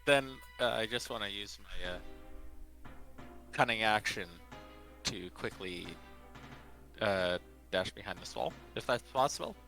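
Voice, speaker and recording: A man's voice: fairly low pitch, measured pace, gravelly, pauses often, pushed and bright, faint music behind. A man playing a tabletop game, speaking hesitantly with many fillers. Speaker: player. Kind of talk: casual tabletop play.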